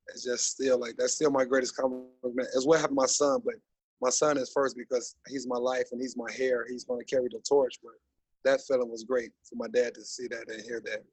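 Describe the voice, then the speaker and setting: A man in his thirties, a basketball coach guest on a podcast, talking in an animated, rambling way with many fillers. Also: medium pitch, breathy edge, dry recording, poor audio. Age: 30s. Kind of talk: casual podcast interview.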